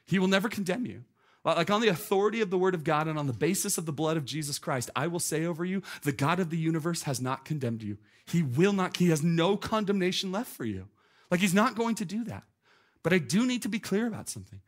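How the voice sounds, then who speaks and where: Animated man preaching a sermon. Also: fairly high pitch. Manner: animated, conversational preaching with "like" asides. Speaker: pastor.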